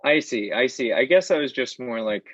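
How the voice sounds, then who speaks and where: A man's voice: mid-range voice, lively intonation, moderate pace, fairly bright tone, breathy edge, no room sound, highs cut off. Self-deprecating man in casual chat. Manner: hedging, self-deprecating, laughs often. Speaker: podcast co-host.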